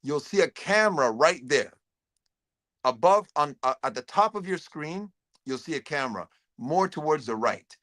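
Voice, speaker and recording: A man's voice: a little high, pushed and bright. A middle-aged man hosting a casual livestream, talking loosely to viewers, repeating words and reading the chat aloud. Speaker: host.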